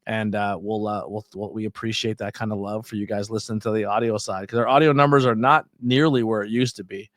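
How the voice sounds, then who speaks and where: Relaxed male podcast co-host, rambling. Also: lowish voice, brisk, few pauses, dry recording, studio quality. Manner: relaxed, rambling, laughs often, many fillers. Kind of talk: casual wrestling podcast chat.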